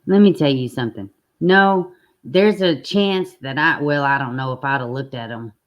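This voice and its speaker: Low-voiced blunt woman streamer. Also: moderate pace. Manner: chatty, blunt, swears, talks straight to viewers. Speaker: true-crime live-stream host. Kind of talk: casual live-stream commentary.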